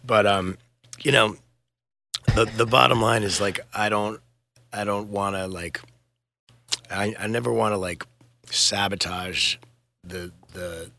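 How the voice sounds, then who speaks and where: A man's voice: fairly low pitch, fairly even intonation, measured pace, creaky, long pauses, pushed and bright. A middle-aged man, a touring musician, chatting casually in a podcast interview, rambling and laid-back, swearing and laughing often.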